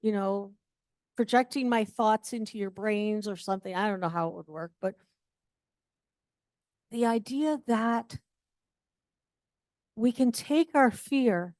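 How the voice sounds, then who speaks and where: A woman's voice: medium pitch, slow, pauses often, a little mellow, no room sound, clean studio sound. A woman giving a conversational sermon at a church service, candid and self-deprecating, with humorous asides. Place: church sanctuary.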